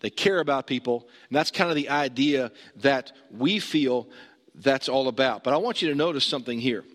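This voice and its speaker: A man's voice: mid-range voice, moderate pace, a bit bright. A man preaching a sermon, conversational and emphatic, putting questions to his listeners. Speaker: pastor. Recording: long hall reverb.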